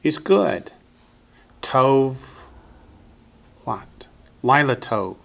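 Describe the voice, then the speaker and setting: A man's voice: mid-range voice, sing-song, drawn-out words, creaky, fairly bright tone. A man teaching Biblical Hebrew in a classroom, patiently drilling students with call-and-response.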